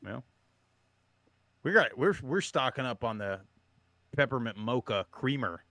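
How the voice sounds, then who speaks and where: A married man on a sports podcast rambles through his points with halting restarts. His voice is bright and forceful, and the recording is close and dry. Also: medium pitch, expressive, no room sound. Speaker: podcast co-host. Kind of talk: casual chat.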